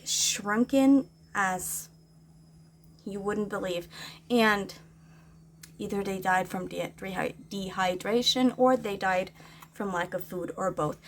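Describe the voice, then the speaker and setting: A woman's voice: medium pitch, slow pace, long pauses, fairly bright tone, a little hiss or hum. Agitated woman ranting. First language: Norwegian. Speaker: vlogger. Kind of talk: casual venting vlog.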